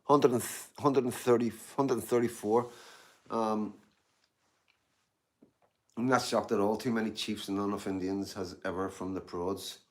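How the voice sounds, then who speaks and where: A man with a fairly low, steady voice speaks a little slowly with long pauses as he reads out chat on a casual live stream in Glasgow. He's chatty and rambling, repeats himself, leans on "you know what I mean," and eats and drinks tea between comments.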